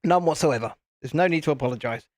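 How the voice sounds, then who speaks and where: A man's voice: a little high, fast talker, darkish tone, no echo. A man with a British accent hosting a live stream, chatting casually and rambling while he builds at his desk. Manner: chatty, rambling, reads viewer comments aloud. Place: home streaming setup with lights and cameras. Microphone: desk mic at a streaming setup.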